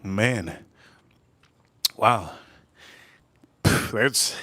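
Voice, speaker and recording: A man's voice: very animated, fairly bright tone, no echo. Rambling, jokey male stream host. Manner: rambling, jokey storyteller with quick bursts and slow drawn-out remarks; slips into high put-on voices for quoted people. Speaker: host of a live drink-tasting stream. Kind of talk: casual live-stream chat.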